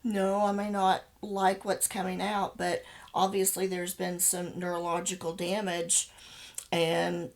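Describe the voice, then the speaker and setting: A woman's voice: lowish voice, flat delivery, unhurried. A woman, co-hosting a podcast in casual chat, plainspoken and upbeat. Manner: brief reactions, upbeat and plainspoken. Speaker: podcast co-host.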